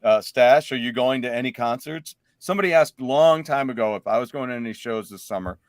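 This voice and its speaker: A man hosting a casual live show, joking around and laughing loudly with his guests. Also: medium pitch, a little fast, dry recording. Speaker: host.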